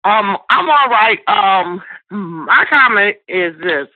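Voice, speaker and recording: A woman's voice: mid-range voice, lively intonation, slow pace, no room sound. A woman calling in to a radio show, earnest and a little hesitant as she makes her point. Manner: earnest, starts with hesitant fillers. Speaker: caller. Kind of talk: call-in comment. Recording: dry tinny phone line.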